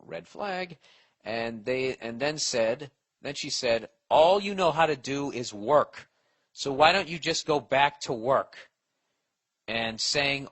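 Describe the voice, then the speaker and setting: A man's voice: mid-range voice, pushed and bright. A man hosting a comedy podcast, ranting in a profane, rambling and blunt way while giving advice. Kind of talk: casual comedic rant.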